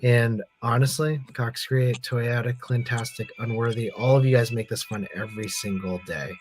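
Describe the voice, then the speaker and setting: A man hosting a casual toy podcast livestream, easygoing and quick to laugh as he thanks his viewers. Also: medium pitch, fairly even intonation, soft background music. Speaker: podcast host.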